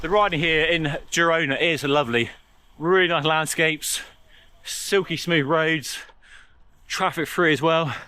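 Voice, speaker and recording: A man talking through a bike review in a measured, conversational way. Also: a little high, bright, forceful tone, a little hiss or hum. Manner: measured, conversational product comparison. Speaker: cycling reviewer.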